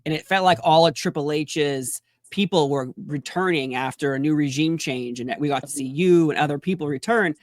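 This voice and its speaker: A man's voice: on the high side, normal speed, few pauses, no room sound, clean studio sound. Eager man asking rambling questions. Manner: enthusiastic, long rambling questions with many fillers. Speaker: interviewer. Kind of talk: casual sit-down interview.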